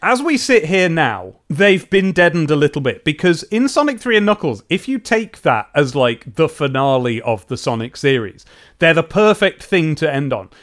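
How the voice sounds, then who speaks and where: An enthusiastic man co-hosting a casual podcast, his voice sitting a little high for a man. He talks animatedly and often breaks off mid-thought to restart. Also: big pitch swings, normal speed, fairly bright tone. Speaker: podcast co-host. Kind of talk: casual chat.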